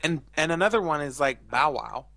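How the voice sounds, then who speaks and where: A young man talks in a loose, rambling way, full of fillers and strong opinions. His voice is bright and a little tense. The sound is dry and close, with no room around it. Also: fairly high pitch, animated, moderate pace, creaky, no room sound. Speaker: podcast co-host. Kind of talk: casual chat.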